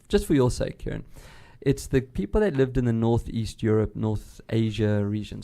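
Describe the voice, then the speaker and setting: A man with a South African accent hosting a radio tech show, chatting loudly and rambling with frequent restarts in a studio. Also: mid-range voice. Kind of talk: casual radio chat.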